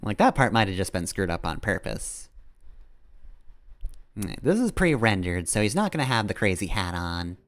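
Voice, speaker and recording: A man's voice: fairly low pitch, very animated, moderate pace. A man streaming a game, giving rambling, casual commentary, often correcting himself and chuckling.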